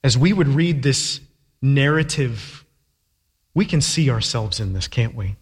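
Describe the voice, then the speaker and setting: A man's voice: medium pitch, lively intonation, measured pace, slightly rough. Emphatic male preacher in a reverberant hall. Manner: emphatic, uses rhetorical questions. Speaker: pastor. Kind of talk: sermon. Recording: long reverb of a large hall.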